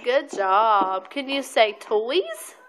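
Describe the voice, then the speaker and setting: A woman with a bright, somewhat high voice, recorded on a handheld phone at home. She coaxes a toddler to repeat words in slow, drawn-out prompts, with patient sing-song encouragement and frequent praise. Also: big pitch swings. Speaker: aunt filming a toddler. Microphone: phone camera held by the speaker.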